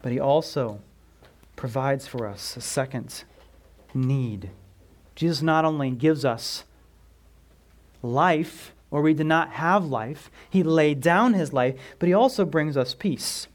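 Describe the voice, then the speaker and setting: A pastor delivers an emphatic sermon, putting questions to his congregation and dropping from loud, stressed words to almost a whisper. His voice is slightly high and he speaks slowly.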